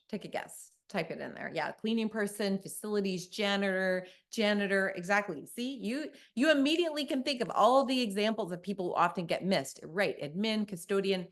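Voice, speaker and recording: A middle-aged woman from Canada giving a conference keynote, telling stories with energy and quizzing her audience. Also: medium pitch. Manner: lively storytelling, asks the audience questions. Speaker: keynote speaker. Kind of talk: conference talk.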